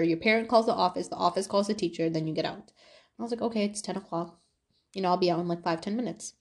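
Chatty young woman podcaster. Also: mid-range voice. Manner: animated, talkative, many fillers. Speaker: podcast host. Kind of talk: casual storytelling monologue.

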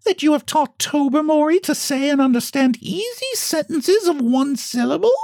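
A prim, skeptical society lady with a high, thin voice, as a man puts her on. She asks her questions in a probing, proper way. The sound is close and dry. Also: animated, moderate pace, creaky, a little mellow, dry recording, heavily acted. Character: skeptical older upper-class woman, prim visitor.

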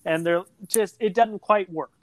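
A podcast guest co-host in casual chat, telling relaxed stories and acting out quoted lines along the way. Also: medium pitch, normal speed, no room sound.

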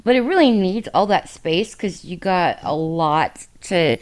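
A woman with a slightly low voice co-hosts a podcast in a loose, rambling chat. She swears freely and wears her feelings openly, with plenty of fillers and restarts. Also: lively intonation, a little slow, darkish tone. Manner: candid, emotional and heavy on profanity. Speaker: podcast co-host. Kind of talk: casual book discussion.

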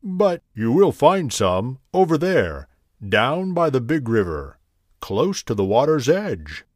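A man voicing a big green male frog in a storybook, calling out loud and drawn-out, friendly and helpful. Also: medium pitch, big pitch swings, dry recording, clean studio sound.

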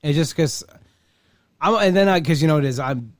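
A man's voice: fairly high pitch, brisk, no room sound, studio quality. A man hosting a casual conversation, telling rambling, self-deprecating stories.

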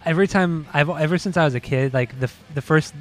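A man's voice: a little high, fast, soft background music. A man co-hosting a podcast, chatting casually about albums, laughing easily and swearing now and then. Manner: laid-back, laughs often, swears casually. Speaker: podcast co-host. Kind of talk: casual chat.

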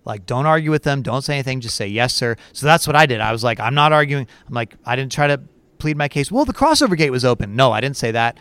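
Man, podcast co-host, chatty storyteller, smooth clear voice. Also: medium pitch, fast talker, no echo. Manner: animated, chatty, lots of fillers and laughs. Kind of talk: casual storytelling chat.

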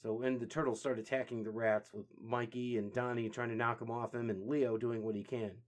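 A man's voice: mid-range voice, little pitch movement, a little fast. A man hosting a podcast, casually narrating a comic book story. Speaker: podcast host.

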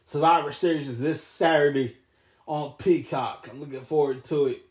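A man's voice: a little high, steady tone, moderate pace, a little mellow. A man in his late twenties hosting a casual solo wrestling podcast, rambling loosely and correcting himself as he goes. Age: 20s. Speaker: podcast host.

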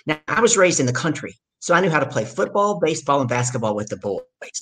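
A middle-aged woman from the States, telling her story as a guest in an energetic, emphatic way. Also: deep voice, fast, husky. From southern United States. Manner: energetic, emphatic storyteller who acts out quotes. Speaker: guest, business speaker. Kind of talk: storytelling in a conversation.

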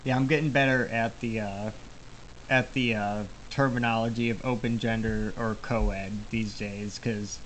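A man's voice: fairly low pitch, steady tone, measured pace, a bit bright, slight background noise, low-quality recording. A man hosting a podcast in casual chat, hesitant and feeling his way through with lots of fillers. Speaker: podcast host.

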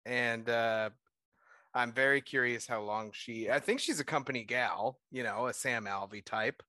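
A man's voice: mid-range voice, normal speed, sharp tone, no room sound. A man co-hosting a casual sports podcast, laid-back and teasing, laughing easily. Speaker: podcast co-host.

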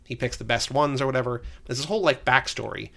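A man's voice: medium pitch, fast talker, creaky, sharp tone. A man co-hosting a podcast in casual chat, enthusiastic and full of "like" fillers. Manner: enthusiastic, leans heavily on "like". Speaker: podcast co-host.

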